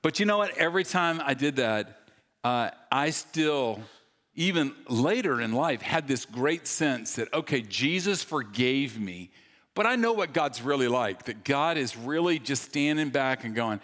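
A man preaching from a church stage, his voice animated and swinging between punchy jokes and quieter earnest moments. He pokes fun at himself with quick bursts of humor. A long, ringing reverb from the large hall trails every phrase. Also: mid-range voice. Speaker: pastor. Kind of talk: sermon.

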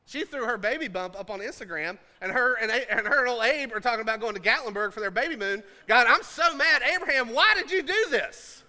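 A man voicing a furious, jealous woman who rants and complains in a shrill voice. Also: expressive, brisk, hardly any pauses, pushed and bright, heavily acted. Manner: ranting, complaining.

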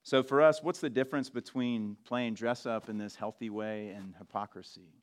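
A man preaching a sermon in a relaxed, conversational way, with frequent restarts and asides. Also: medium pitch, moderate pace. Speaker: pastor.

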